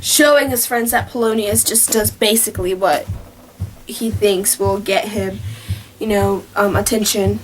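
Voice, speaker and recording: A woman's voice: medium pitch, steady tone, a little slow. A young woman casually retelling a play in a rambling way, with lots of fillers. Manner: rambling, with many fillers and restarts. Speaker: vlogger. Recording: distant mic with faint music.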